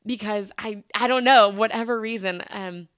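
A woman's voice: medium pitch, moderate pace, a bit bright, no echo, clean studio sound. A woman in her thirties hosting a podcast and telling a personal story in a chatty, casual way, with lots of fillers and restarts. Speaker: podcast host.

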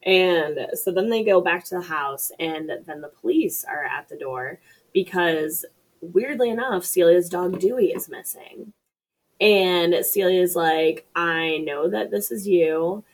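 A woman's voice: fairly low pitch, a little slow, poor audio. A woman co-hosting a podcast, casually recapping a film in a laid-back way. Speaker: podcast co-host.

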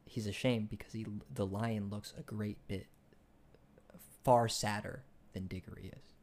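A young man co-hosting a casual podcast, retelling a book in a rambling way with many restarts and fillers, and growing excited when he argues ideas. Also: lowish voice, a little slow. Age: young adult. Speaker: podcast co-host.

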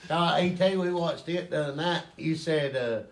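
A man, a podcast co-host telling a corny joke in a deadpan way. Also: fairly high pitch, moderate pace. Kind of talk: casual chat.

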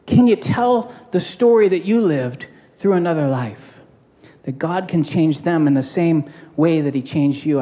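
A man preaching as a pastor in a casual, joking sermon style, with quick asides and call-outs to the congregation. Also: high-pitched, mellow.

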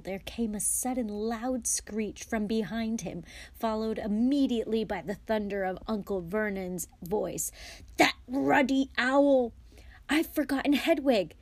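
A woman guest reader reading a children's novel aloud, dropping to whispers and rising to shouts for the characters. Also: medium pitch, no echo.

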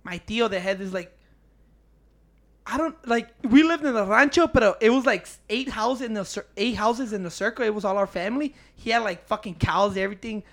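A man's voice: high voice, fairly quick, fairly bright tone. Young man, loose profane chatter. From Chicago. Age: young adult. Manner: loose, profane, says "dude" and "bro" a lot. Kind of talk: casual chat.

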